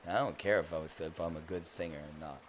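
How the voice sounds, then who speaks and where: A man's voice: very deep voice, fairly even intonation, fast, a little hiss or hum. A man hosting a live stream, reading viewer comments aloud in a playful, goofy, teasing way. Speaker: livestream host.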